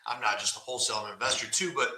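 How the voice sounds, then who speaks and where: A man hosting a podcast, talking bluntly and casually about sales calls, often checking in with "right?". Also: mid-range voice. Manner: blunt, fast, animated, says "right?" often. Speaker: podcast host. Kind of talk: casual live-stream coaching talk. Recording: echoey room.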